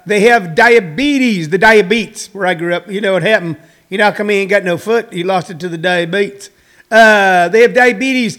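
A man's voice: high voice, fairly bright tone. A man, a stand-up comedian, talking casually to viewers in a livestream monologue, rambling with many fillers and restarts.

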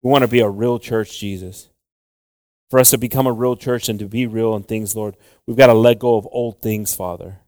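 A man's voice: on the low side, fairly even intonation, moderate pace, darkish tone, no echo, studio quality. A man preaching and leading prayer as a pastor, switching between English and Spanish and calling on the Lord again and again. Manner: pleading prayer with repeated "Lord" and "Jesus". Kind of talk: bilingual sermon and prayer.

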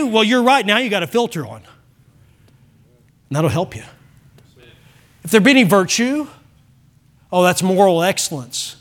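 A man's voice: sits high, very animated, moderate pace, pauses often. A man preaching a sermon as pastor, pressing his congregation with emphatic rhetorical questions. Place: church sanctuary.

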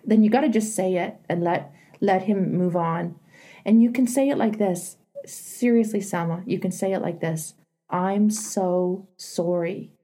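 Husky, mellow woman coaching a caller. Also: mid-range voice. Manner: earnest, emphatic, plainspoken. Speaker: advice show host.

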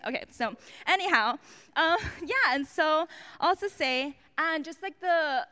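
A woman's voice: sits high, lively intonation, a little fast, pushed and bright. A woman giving a personal testimony at a church service, chatty and self-mocking, with lots of fillers and restarts.

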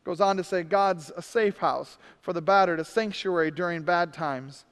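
Preacher guy with a high, smooth voice, loud then quiet, big echoey hall. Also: moderate pace. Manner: swings from loud and emphatic to soft and drawn out. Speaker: pastor. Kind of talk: sermon. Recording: long hall reverb.

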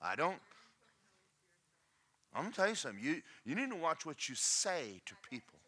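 A man preaching a sermon, emphatic and folksy, often shouting to the congregation in a church. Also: a little high, big pitch swings, moderate pace.

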